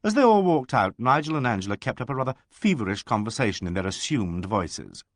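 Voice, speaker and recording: A man reading an audiobook aloud with an expressive, animated delivery. His pitch swings widely, and the sound is dry and close. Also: brisk, no room sound. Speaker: audiobook narrator.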